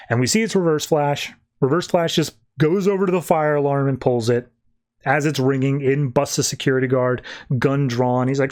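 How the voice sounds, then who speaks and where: A man casually recapping a comic on a podcast, slipping into quick, loose character voices as he retells each scene. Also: medium pitch, a little mellow. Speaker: podcast co-host.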